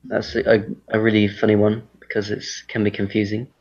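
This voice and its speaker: A British man teaching an online English class, relaxed and hesitant, with many fillers and restarts, heard over a video call. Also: lowish voice, normal speed. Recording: muffled lo-fi call audio.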